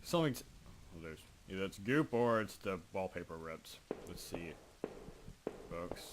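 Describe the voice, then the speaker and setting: Low-voiced young man rambling over gameplay. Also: animated, normal speed, noisy background. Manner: rambling and self-joking, reads in-game text aloud. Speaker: gaming video host. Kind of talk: casual let's play commentary. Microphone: desk microphone.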